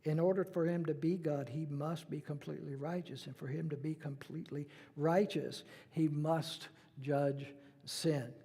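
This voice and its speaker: A man's voice: on the high side, steady tone, moderate pace, vocal fry, dark tone, husky, in a large hall. A middle-aged man preaching a sermon in a conversational way, acting out the voices he quotes. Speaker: pastor.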